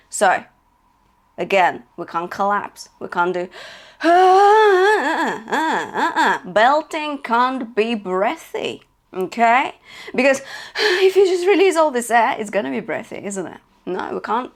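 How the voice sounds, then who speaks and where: A woman's voice: medium pitch, fairly bright tone. A woman teaching a singing lesson as a vocal coach, checking in often and demonstrating notes. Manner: encouraging, checks in with "okay?" and "yeah?"; demonstrates sung notes between spoken instructions.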